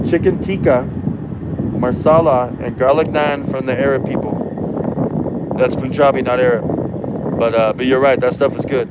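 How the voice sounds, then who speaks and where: Over very noisy audio, a trucker on the high side of the pitch range chats casually on his livestream. He rambles, talks slangy, and slips Spanish words into his speech.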